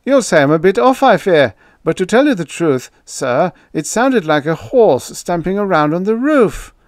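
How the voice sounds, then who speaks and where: Timid apologetic servant, a man voicing him: pitched high, anxious. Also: sing-song, normal speed, dry recording, studio quality. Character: nervous, apologetic male household servant.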